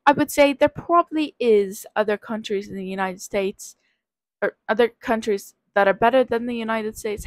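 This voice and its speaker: A woman's voice: fairly high pitch, moderate pace, no room sound, poor audio. A nineteen-year-old woman, sick with covid, rambling hesitantly as she takes a quiz aloud in a casual vlog. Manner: rambling, hesitant, self-deprecating. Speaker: vlogger.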